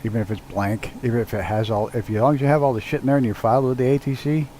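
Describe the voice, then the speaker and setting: A man with a dark, medium-pitched voice talks very fast with fairly even intonation while live-streaming a flight sim at home, his dog nearby. He chats loosely with viewers and swears freely as he works the controls, on a rough recording with slight hiss or hum.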